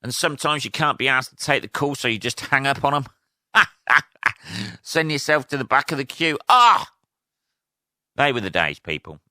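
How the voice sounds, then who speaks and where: A man's voice: mid-range voice, expressive, fairly quick, bright, forceful tone, no room sound, clean studio sound. A British man hosting a solo podcast in a casual, rambling chat full of fillers and swearing. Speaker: podcast host.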